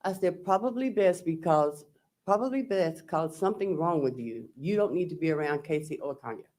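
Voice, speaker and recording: A woman's voice: low voice, lively intonation, moderate pace, a little mellow. Woman testifying, quoting old texts. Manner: recounting and quoting text messages. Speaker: defendant testifying. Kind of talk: courtroom testimony. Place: courtroom.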